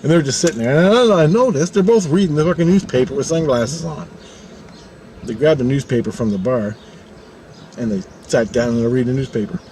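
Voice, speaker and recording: A man's voice: medium pitch, brisk, a little hiss or hum. A man telling a story in a casual, profane way, often swearing and laughing as he acts out what others said. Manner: profane, animated, laughing, acting out quotes.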